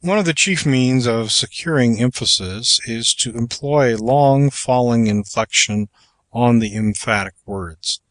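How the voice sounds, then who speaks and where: A man reading aloud from a public speaking manual in a measured, deliberate way. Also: medium pitch, fairly bright tone, no echo. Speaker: audiobook reader.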